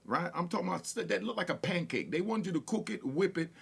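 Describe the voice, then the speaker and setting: Fast and expressive, a man from Harlem, New York, recounts street stories casually, laid-back and repetitive, with stammering restarts and laughs. His voice sits high, creaky and slightly rough.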